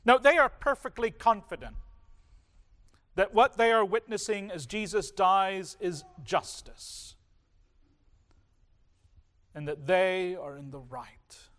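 A man preaching a sermon in a slow, deliberate way, with dramatic pauses between phrases. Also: sits high, animated, fairly bright tone. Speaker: pastor.

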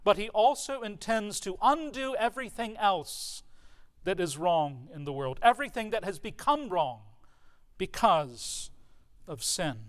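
High-voiced man preaching an earnest sermon. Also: fairly bright tone. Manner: earnest, emphatic preaching with rhetorical questions. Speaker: pastor.

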